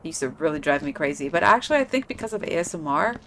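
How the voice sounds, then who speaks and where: Female streamer, lower register, loose rambling chat over gameplay, light background noise. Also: expressive, rapid-fire, a bit bright. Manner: rambling, chatty, lots of "like" fillers. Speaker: gaming streamer.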